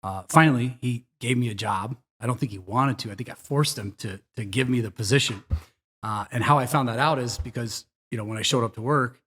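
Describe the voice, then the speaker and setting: A man's voice: medium pitch, fairly quick, a bit bright, slightly rough. A middle-aged man, a commercial real estate broker, chatting casually in a podcast interview, rambling with many fillers and restarts. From Chicago area.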